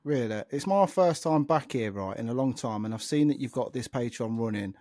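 A man returning as a podcast regular, relaxed and friendly in casual chat. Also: medium pitch, fairly quick, dry recording, studio quality. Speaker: podcast guest host.

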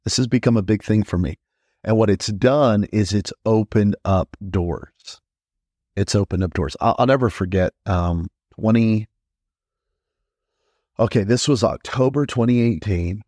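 A man's voice: on the low side, warm tone, dry recording, clean studio sound. A man, a pastor hosting a podcast, teaching in a conversational way, repeating phrases for emphasis and restarting his sentences often. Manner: frequent quick restarts and stammers.

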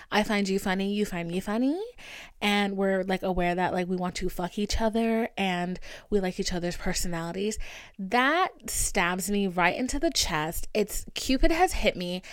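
Young female podcast host, theatrical storyteller with a lively, swinging voice and frequent laughs. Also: mid-range voice, clear, resonant tone, no echo, clean studio sound. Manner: dramatic, gossipy, laughs often. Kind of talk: casual storytelling chat.

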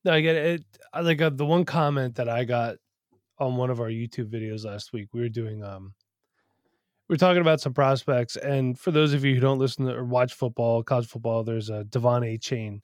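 A man's voice: medium pitch, brisk, a little mellow, dry recording. A man co-hosting a podcast from his home studio, telling stories in a candid, profane, casual way. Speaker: podcast co-host. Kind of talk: casual chat.

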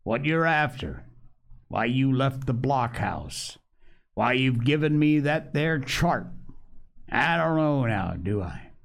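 A man voicing a wily, gruff old sea cook with rough, ungrammatical sailor's talk. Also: mid-range voice.

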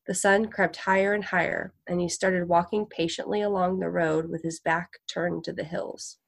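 Woman narrator, audiobook, measured storytelling, slightly gravelly. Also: lowish voice, level tone. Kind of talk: audiobook reading of a short story.

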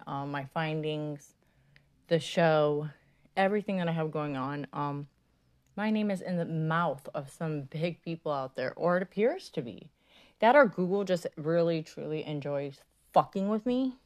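A woman's voice: deep voice, clear, resonant tone. A woman hosting a podcast in a casual monologue, rambling and crude, with lots of swearing, fillers and self-mocking asides. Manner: many fillers and trailing asides. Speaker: podcast host.

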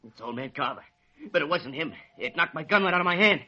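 Gruff hot-tempered village thug, bright edgy voice, old radio sound. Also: male voice, fairly high pitch, animated, fast, heavily acted. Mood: scared. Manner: gruff, rural slang. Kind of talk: 1930s radio drama acting. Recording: dull old radio recording.

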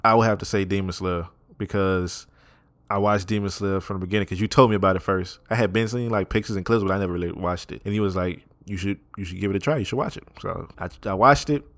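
A young man with a very low voice, talking in a loose, slangy way as a podcast co-host. He laughs easily and keeps things relaxed, recorded dry and close. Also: fast talker, dry recording. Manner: laid-back, slangy, laughs often. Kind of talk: casual podcast chat.

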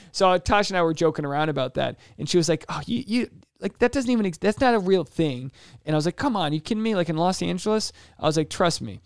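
A man with vocal fry hosts a solo podcast in a clean studio recording with no room sound. He talks casually and animatedly, tossing in jokes and acting out quoted voices with big leaps in pitch.

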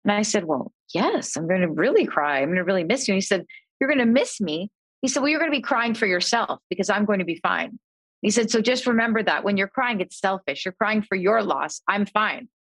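Animated woman telling a story, dry sound. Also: mid-range voice, brisk, slightly rough, no echo. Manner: animated storyteller, voices quoted family members. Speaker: podcast guest. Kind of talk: conversational storytelling.

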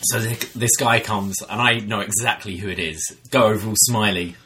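Guy on a podcast, chatty storyteller, does funny high voices for the people he quotes. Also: fairly even intonation, normal speed, sharp tone. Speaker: co-host, bartender. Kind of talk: casual podcast chat.

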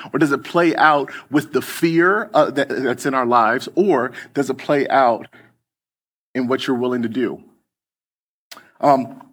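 A man preaching in a relaxed, conversational way, telling a story from the pulpit. He talks loosely, full of fillers and restarts, at an ordinary pitch. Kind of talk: casual storytelling sermon.

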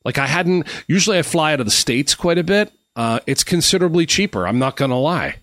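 A man's voice: fairly high pitch, animated, a little fast, fairly bright tone, dry recording. A middle-aged man from Canada, hosting a live stream and telling rambling, friendly anecdotes with lots of fillers and restarts. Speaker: host. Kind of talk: casual storytelling on a live stream.

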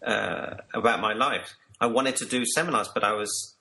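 Man, bright tense voice, earnest storytelling, life coach guest. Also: fairly low pitch, moderate pace, creaky, rough recording. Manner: earnest, repeats words when emotional. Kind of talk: personal storytelling in an interview.

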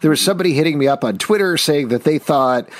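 A man's voice: a little high, lively intonation, fast, no room sound. A man co-hosting a casual podcast, joking around and reading out listener questions. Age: adult with children. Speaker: podcast co-host. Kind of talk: casual chat.

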